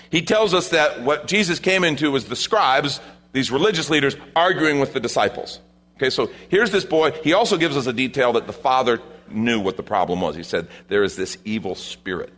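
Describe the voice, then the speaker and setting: A man preaching a sermon, reading scripture and explaining it, rising to loud emphasis at times. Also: mid-range voice. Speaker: pastor.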